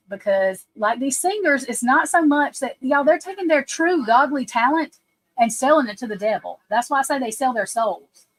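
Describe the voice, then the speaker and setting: Woman psychic just talking on a live stream, rambly and emphatic, voice a bit high. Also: a bit bright, low-quality recording. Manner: rambling, emphatic, addresses listeners directly. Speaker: psychic card reader. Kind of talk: casual livestream talk.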